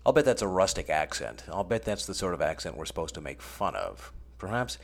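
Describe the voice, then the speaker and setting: A middle-aged American man hosts a radio show in a low, deep voice. His delivery is scripted but loose, full of dry, sardonic asides. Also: very animated, a little fast, gravelly. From United States. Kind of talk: scripted comic radio monologue.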